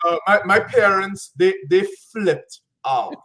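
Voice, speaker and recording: A man's voice: sits high, fairly even intonation, slow pace, sharp tone, faint music behind. A man as a podcast guest, talking in an upbeat, casual way full of catchphrases and slang. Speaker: guest, business consultant. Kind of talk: casual interview chat.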